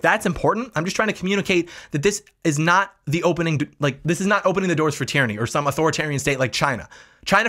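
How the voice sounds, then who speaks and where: Male vlog host, political commentary, quick and combative, slightly high voice. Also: a bit bright. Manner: combative, mocking asides.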